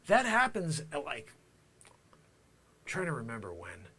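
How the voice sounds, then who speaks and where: A man's voice: mid-range voice, huge pitch swings, unhurried, bright, forceful tone, breathy edge. A man improvising a comedic monologue as a self-styled time traveler, rambling with conspiratorial asides. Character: self-proclaimed man from the future, boastful.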